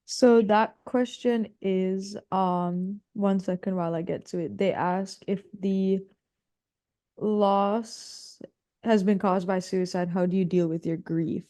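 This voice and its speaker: Slow, dry-sounding woman moderator. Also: medium pitch, fairly even intonation, mellow, no room sound. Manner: reads audience questions aloud. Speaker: webinar moderator.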